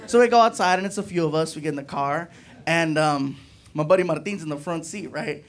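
A man telling a story in a stand-up routine, animated and conversational. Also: on the high side, a little fast. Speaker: stand-up comedian.

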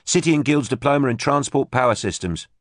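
A man's voice: mid-range voice, animated, brisk, no echo, studio quality, voice pushed up, natural voice. A man voicing a keen young male mechanic of about twenty who promotes his skills.

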